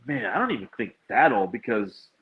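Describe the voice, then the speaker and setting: A man co-hosting a podcast in casual chat, exclamatory and animated, often restarting his sentences. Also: medium pitch, brisk. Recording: dull, muffled lo-fi sound.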